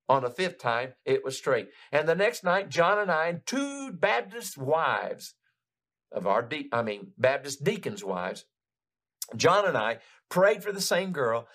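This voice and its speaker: An older man preaching a sermon, retelling a story in an animated, building way with frequent restarts. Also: on the high side.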